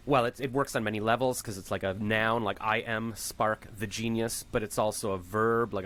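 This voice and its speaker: A podcast host with a mid-range, fairly bright voice chats casually, telling rambling stories full of jokes.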